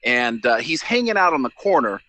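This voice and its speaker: A man's voice: medium pitch, fairly quick, dry recording. A man co-hosting a casual comedy show, telling game matchups as stories, teasing his partner and moving the show along. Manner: animated storyteller, teasing, moves the show along. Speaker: co-host.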